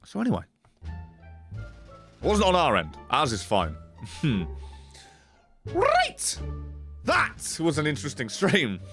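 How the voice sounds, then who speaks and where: A man's voice: a little high, moderate pace, long pauses, faint music behind. A man signing off a live stream, rambling, swearing a lot and getting worked up at chat. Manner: profane, excitable, rambling. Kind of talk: casual stream sign-off chat.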